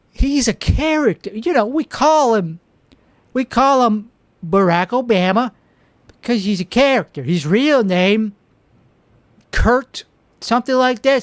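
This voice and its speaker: This is a comic monologue from a man with a high voice, captured dry through two mics. His character is a self-important political hopeful with no clue, and he brags endlessly, drifts from point to point, and fumbles each restart.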